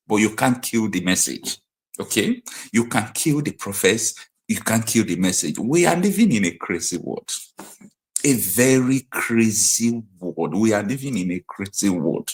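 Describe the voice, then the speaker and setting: A man with a Nigerian accent hosting a live political commentary stream, emphatic and hammering his points home by repeating them. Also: fairly low pitch. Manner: emphatic, repeats key phrases like a preacher.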